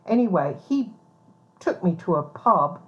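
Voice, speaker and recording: Low-voiced woman in a rambling monologue. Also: very animated, unhurried. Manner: hesitant, many ums, blunt and swearing. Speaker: private investigator vlogger. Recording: dull lo-fi recording.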